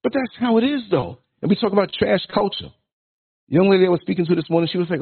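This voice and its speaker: A man's voice: sits high, expressive, fast talker, creaky, slightly rough. A man in his sixties hosting a podcast, delivering a blunt, provocative, preachy rant. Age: 60s. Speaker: podcast host. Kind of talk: ranting monologue. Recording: tinny phone-like line.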